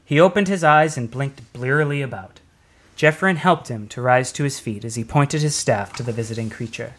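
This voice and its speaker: A man's voice: mid-range voice, expressive, moderate pace, fairly bright tone. Man narrating a story.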